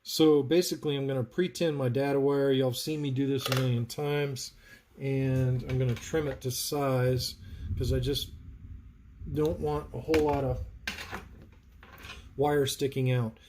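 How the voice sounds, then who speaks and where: Guy talking thru a soldering job on a live stream, chatty, mid pitch. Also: level tone, unhurried, background noise. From North Carolina, US. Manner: chatty, narrates work while answering viewers. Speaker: livestream host, saber builder. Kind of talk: live soldering tutorial chat.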